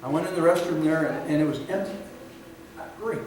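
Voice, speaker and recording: A man preaching from the pulpit, his voice set a little higher than most, rising to loud emphatic peaks and then falling quiet to stretch out a phrase. He is caught from well back in a big, echoing sanctuary, with room noise clearly underneath. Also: a little fast. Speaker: pastor. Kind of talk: sermon. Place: church sanctuary. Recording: echoey hall, recorded from far off, audible room noise.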